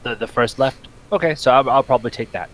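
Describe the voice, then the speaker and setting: A man's voice: medium pitch, fast talker, fairly bright tone, low-quality recording. A young adult man playing a tabletop game, hesitant and often repeating his words. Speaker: player. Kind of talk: casual tabletop play.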